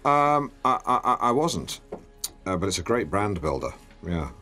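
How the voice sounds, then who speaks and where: A man's voice: lowish voice, sing-song, moderate pace, pushed and bright, soft background music. A man hosting a comedy radio show, pompous and blundering, often stumbling over his words. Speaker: radio presenter.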